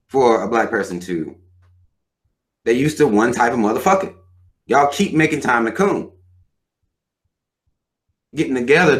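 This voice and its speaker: A man in his thirties hosting a live show, ranting bluntly and with plenty of profanity. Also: mid-range voice. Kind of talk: livestream rant.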